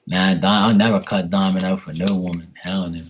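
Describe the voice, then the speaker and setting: A man hosting a casual livestream, joking crudely and streetwise, then doing psychic readings for viewers, often trailing into hushed asides. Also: low-pitched, flat delivery, a little fast, slight background noise. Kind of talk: casual live-stream chat.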